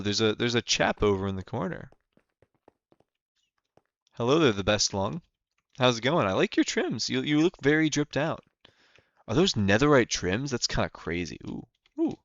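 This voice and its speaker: Rambling low-voiced streamer guy. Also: creaky, fairly bright tone, dry recording. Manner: rambling, chatty, with many fillers and restarts. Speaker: livestreamer. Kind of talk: casual livestream chat. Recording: dull lo-fi sound with faint music behind.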